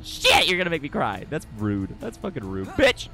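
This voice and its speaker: Excitable, swearing male game streamer. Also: a little high, faint music behind. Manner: excitable and profane, quick laughs, greets chat loudly. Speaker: livestreaming gamer. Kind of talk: casual live gameplay chat.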